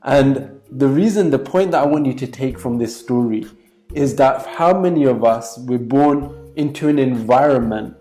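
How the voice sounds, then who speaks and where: A man's voice: mid-range voice, moderate pace, mellow, faint music behind. A man giving an emphatic motivational talk as a business coach, repeating points with many fillers.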